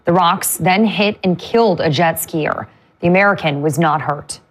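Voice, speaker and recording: Woman anchor with a lowish voice. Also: moderate pace. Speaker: news anchor. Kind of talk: scripted news reading.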